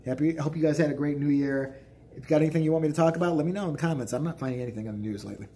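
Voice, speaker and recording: A man's voice: on the high side, rapid-fire, mellow, a little hiss or hum. A man in his forties telling a story as a vlogger, in a profane, exasperated, ranting way. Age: 40s.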